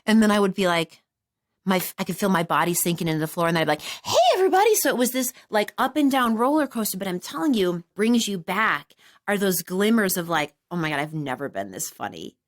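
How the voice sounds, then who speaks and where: Animated woman in her forties telling a story. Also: a little fast. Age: 40s. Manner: animated, acts out quoted voices in high bursts. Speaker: podcast host. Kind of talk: casual storytelling chat.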